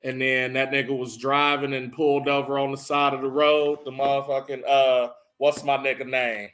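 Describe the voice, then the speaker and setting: A man recapping a movie as casual comedy, telling it in a profane, animated way with rising bursts. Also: mid-range voice, normal speed.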